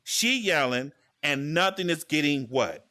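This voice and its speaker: Male podcast host, lively and bright, slightly high voice, stammering storyteller. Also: unhurried. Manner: animated, acts out quotes, stammering restarts. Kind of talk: casual storytelling chat. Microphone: VR headset mic.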